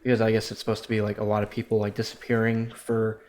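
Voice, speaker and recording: A man's voice: on the low side, completely flat delivery, fast, a little mellow. A man co-hosting a casual podcast, chatty, with lots of fillers and cursing. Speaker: podcast co-host.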